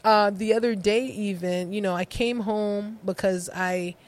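A woman's voice: medium pitch, measured pace. A middle-aged woman from New York, a podcast guest telling personal stories with frequent laughter. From New York, United States. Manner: animated storyteller, laughs often. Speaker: guest, poet and author. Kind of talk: casual conversation.

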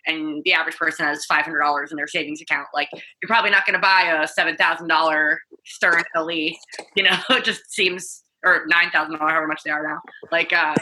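A woman's voice: deep voice, fairly even intonation, brisk, background noise. A woman panelist in a casual roundtable chat, talking loosely with many fillers and restarts. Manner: rambling, many fillers like "like" and "you know".

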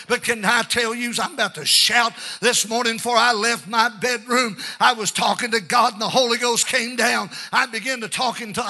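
A man in his sixties preaching a fervent sermon, his voice pitched high and strikingly bright. He calls out amen between lines, sings some phrases and rises to shouts. He is heard in a church sanctuary. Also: normal speed, faint music behind. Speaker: pastor.

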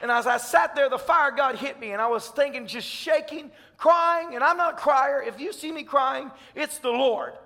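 High bright southern tennessee pastor guy preaching hard, echo from the church hall. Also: normal speed, few pauses. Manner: fervent, emphatic preaching. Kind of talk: sermon. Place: church sanctuary.

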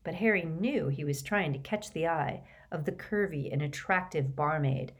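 A woman reading an audiobook aloud with a lively delivery. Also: deep voice, moderate pace. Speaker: audiobook narrator.

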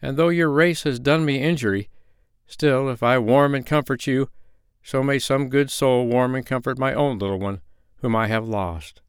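A man's voice: mid-range voice, fairly even intonation, moderate pace, smooth, dry recording, clean studio sound, voice pushed up, close to an everyday voice. A man reading the part of a humble, brave peasant father mourning his lost child. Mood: earnest.

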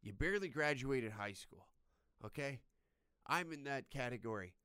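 A young man with a crude, loud and sarcastic manner, delivering a profane comedic rant into a close mic. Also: medium pitch, animated, normal speed, smooth, no echo. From Canada.

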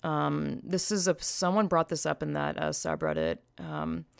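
A woman's voice: deep voice, big pitch swings, a little slow, vocal fry, smooth, dry recording, clean studio sound. A woman giving a casual opinion monologue, blunt and profane, emphatic, with frequent sighs. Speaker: vlogger.

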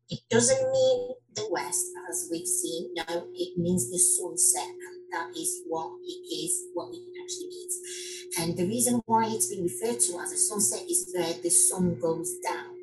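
A middle-aged woman from Morocco, a dance teacher talking casually in an interview, animated and full of fillers and restarts. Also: mid-range voice, slight background noise, poor audio.

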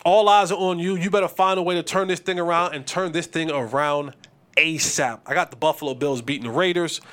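A man hosting a casual sports talk show, making lively game picks and trash talk with frequent repeated words. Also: a little high, a little fast. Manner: animated, trash-talking, stumbles and repeats. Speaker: podcast host and former receiver.

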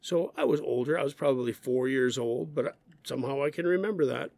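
A man who speaks English natively, teaching learners English expressions, slow and emphatic, repeating phrases. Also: mid-range voice, gravelly, a little mellow, no room sound.

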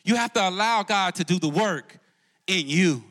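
At a moderate pace, a campus pastor preaches live before a congregation in a church auditorium, his high-pitched voice animated and a bit bright. He calls to the crowd call-and-response style, lifting and dropping his voice for emphasis.

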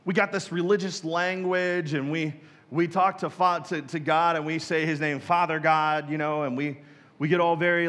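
A man's voice: a little high, fairly even intonation, normal speed, fairly bright tone, long reverb tail. A man preaching a sermon as a pastor, casual and joking, who acts out other people's prayers in mock voices.

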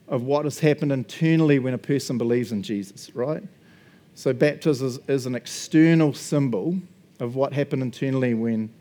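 A man's voice: mid-range voice, mellow. A man, a pastor preaching in a casual, joking style. He keeps tagging his points with "right?" and "eh?", laughs often and acts out small conversations. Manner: chatty and jokey, tag questions like "right?" and "eh?"; laughs often, acts out little quoted exchanges. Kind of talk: casual sermon.

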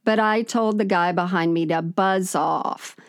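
Woman, podcast co-host, slow delivery, wry, interrupts, dry close sound. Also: lowish voice, dry recording. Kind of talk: casual chat.

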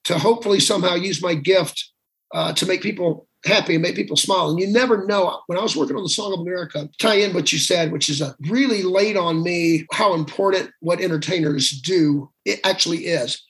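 A man, a guest singer, telling animated stories in conversation, acting out quoted dialogue with self-deprecating humor. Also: high-pitched, fairly quick. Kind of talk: storytelling conversation.

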